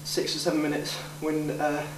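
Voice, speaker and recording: A young man from a rowing club answering interview questions in a halting way, with many fillers. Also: a little high, monotone. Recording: echoey, distant, noisy.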